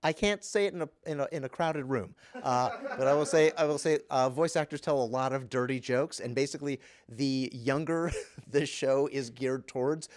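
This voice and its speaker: A male voice actor being interviewed, talking in a casual, easygoing way and at a medium pitch for a man. He pauses with many ums and restarts, then picks up as he tells a lively story. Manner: chatty, relaxed, many fillers and restarts; lively anecdote telling.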